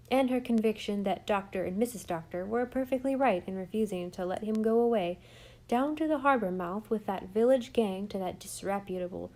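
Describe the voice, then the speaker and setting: Woman reading a kids story aloud, calm and even, mellow dark tone. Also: medium pitch. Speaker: narrator. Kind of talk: audiobook narration.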